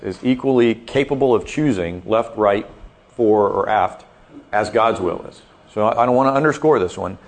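A man leading a group theology discussion, thinking aloud with lively asides. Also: lowish voice. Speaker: discussion leader.

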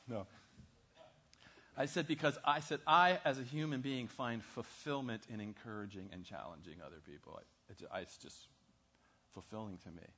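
A man's voice: mid-range voice, breathy edge. Man preaching, telling a story. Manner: animated, asks the audience questions, acts out dialogue. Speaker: pastor. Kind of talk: sermon storytelling. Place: church.

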